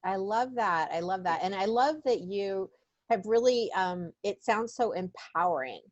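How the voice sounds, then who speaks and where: A woman's voice: mid-range voice, expressive, a little slow, no echo, highs cut off. An American woman hosting an interview, chatting casually with plenty of fillers and restarts. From United States. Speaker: interview host.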